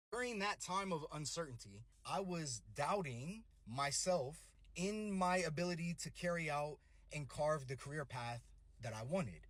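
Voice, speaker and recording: Husky earnest man telling his story. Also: fairly high pitch, fairly bright tone, no echo. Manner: earnest, reflective, casual. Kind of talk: personal motivational story.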